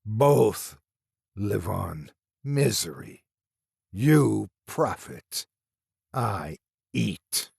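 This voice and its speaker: A man voicing a taunting inhuman creature in a horror story, speaking in slow, broken, rasping phrases with a hiss and wheeze. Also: on the low side, sing-song, darkish tone, no room sound, clean studio sound, heavily acted. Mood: menacing.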